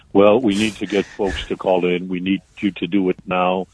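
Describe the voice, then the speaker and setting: A man giving impassioned political commentary on radio, halting and full of fillers. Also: sits low, little pitch movement, a little mellow, a little hiss or hum. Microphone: phone. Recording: tinny dry phone line.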